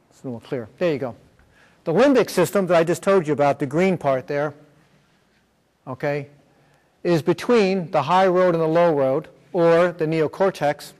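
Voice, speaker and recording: A man's slightly high, somewhat mellow voice guides a slide-based workshop lecture in a school room. He goes step by step, often using fillers and checking in, while a long hall reverb echoes.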